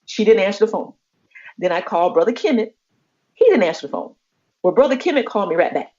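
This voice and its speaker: A woman's voice: medium pitch, very animated, fast, darkish tone. A woman co-hosting a podcast, telling a story expressively, acting out the voices of the people she quotes and laughing often. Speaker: podcast co-host. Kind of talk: animated storytelling chat. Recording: muffled lo-fi podcast audio.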